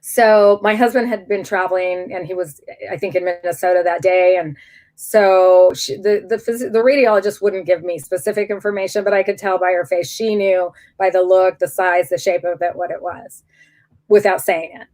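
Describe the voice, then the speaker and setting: A middle-aged woman, a guest in an interview, telling a personal story candidly and in an animated way, often restarting her sentences. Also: fairly low pitch, normal speed.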